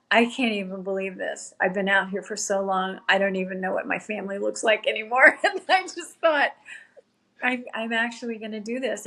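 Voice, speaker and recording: A woman's voice: mid-range voice, a bit bright. Earnest woman recounting an emotional race finish. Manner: earnest, tearful at times, quotes herself. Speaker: podcast guest, ultrarunner. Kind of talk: emotional storytelling.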